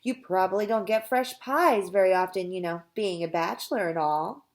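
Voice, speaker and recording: A woman's voice: mid-range voice, normal speed, lightly acted. A woman voicing a pushy, cheerful female school cook in a storybook reading, sing-song and bossy.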